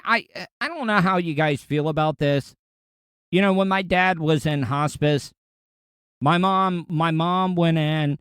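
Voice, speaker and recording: A man talks through a casual monologue in a smooth, clean voice that sits a bit high. The sound is close and dry, and he speaks bluntly and candidly. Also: fairly bright tone, no room sound. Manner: blunt, profane, candid storytelling. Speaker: podcast host.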